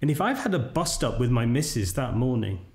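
A man's voice: mid-range voice, very animated, brisk, a little mellow. A middle-aged man, a podcast guest talking casually and often tagging his sentences with "right?". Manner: chatty, keeps checking in with "right?". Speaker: podcast guest, dental marketing entrepreneur. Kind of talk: casual conversational interview. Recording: roomy echo.

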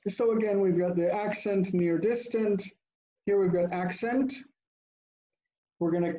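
A man's voice: sits high, mellow, rough recording. A man teaching a Hebrew grammar class online, patiently drilling word forms and quizzing his students. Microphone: video call.

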